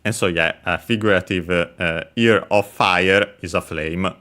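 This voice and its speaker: A man's voice: low voice, fairly even intonation, normal speed, bright, forceful tone. A man explaining Japanese vocabulary while playing a game, methodical and hesitant, with many filler sounds. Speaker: language teacher.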